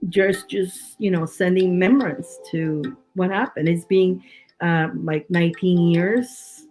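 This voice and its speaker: A woman from Canada, a tarot reader, in rambling casual chat full of restarts. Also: mid-range voice. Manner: chatty, rambling, with many restarts.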